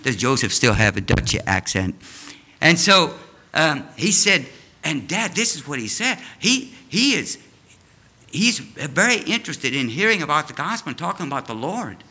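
A man's voice: mid-range voice, bright, forceful tone. An older man from an Amish background, giving a folksy storytelling testimony as a guest preacher in a church. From Amish community. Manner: folksy storytelling, addresses the congregation. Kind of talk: sermon testimony.

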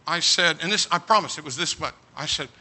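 A man preaching, telling a comic story with animated bursts of shouting. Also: fairly high pitch, fairly quick. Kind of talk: humorous storytelling sermon.

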